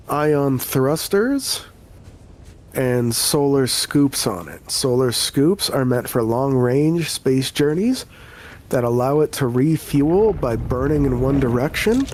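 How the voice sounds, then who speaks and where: Unhurried man narrating a tabletop game. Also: medium pitch, expressive. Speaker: game master.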